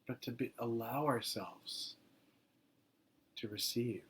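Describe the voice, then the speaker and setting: A man's voice: mid-range voice, slow pace, gravelly, a bit bright, slight background noise. Laid-back male meditation teacher, chatty. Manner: loose and conversational, heavy with "you know" and "like"; laughs easily between phrases. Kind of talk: informal dharma talk.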